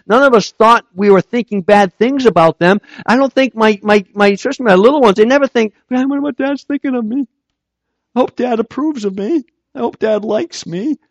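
A man's voice: high voice, no echo. A man preaching a sermon as pastor, in a conversational way, repeating words as he restarts his sentences. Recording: dull dry recording.

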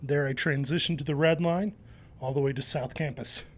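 A man's voice: on the high side, fairly even intonation, normal speed. A man joining a radio show as a guest, chatting in a playful, self-mocking way. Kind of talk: casual chat. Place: radio studio.

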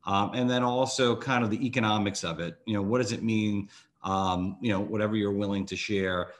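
A man's voice: lowish voice, fairly even intonation, fairly quick. A man who is a financial advisor and hosts the show. He asks long, rambling questions full of "you know" and restarts. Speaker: financial advisor, podcast host. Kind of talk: interview questions.

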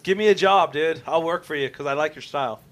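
A man's voice: on the high side, fast, a crowd in the background. A man co-hosting a call-in radio show, bantering in a dry, joking way. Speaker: radio co-host.

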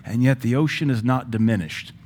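A male pastor teaching a sermon in a lively, joking way, now and then breaking into praying in tongues. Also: medium pitch, fairly quick.

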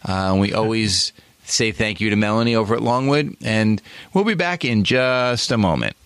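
A man's voice: lowish voice, moderate pace, a bit bright, smooth, no room sound. A man with a New York accent, hosting a podcast interview and speaking with effusive enthusiasm. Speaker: podcast host.

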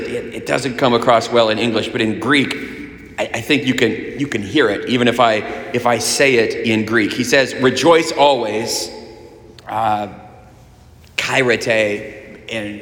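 A man giving a conversational sermon, casual and animated, often restarting his phrases. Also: medium pitch. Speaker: preacher. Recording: echoey room with long reverb.

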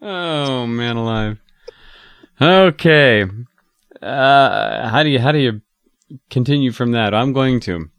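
A man's voice: mid-range voice, slow pace, long pauses, fairly bright tone, clean tone, no echo. A man co-hosting a podcast in casual chat, reading a listener email aloud with chuckles and asides. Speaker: podcast co-host.

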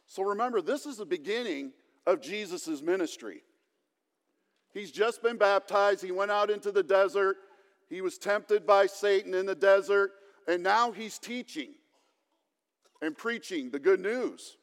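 High-voiced slow-preaching male pastor. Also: long reverb tail. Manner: plain conversational preaching with light humor. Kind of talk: sermon.

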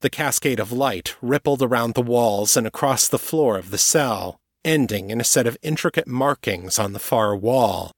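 A man narrating an audiobook chapter in a steady, even storytelling manner. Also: medium pitch, normal speed, few pauses, dry recording, clean studio sound.

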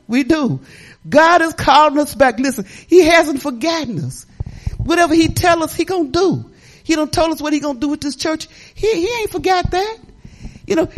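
A middle-aged woman pastor delivering a sermon with a wide, swooping melody. Her preaching is folksy and conversational, full of laughs and asides to the congregation. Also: sits high. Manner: lively, folksy preaching with laughter and talk-back.

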